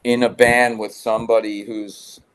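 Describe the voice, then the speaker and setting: A man's voice: on the low side, level tone, normal speed, fairly bright tone, smooth. A man guest telling rambling rock-scene stories in a casual interview, swearing freely. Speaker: guest musician.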